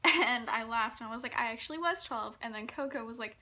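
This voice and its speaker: Giggly young woman, bright voice. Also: a little high, fast talker. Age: young adult. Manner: giggly, breathless, gushing, lots of "like". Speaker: vlogger. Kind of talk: excited personal storytelling.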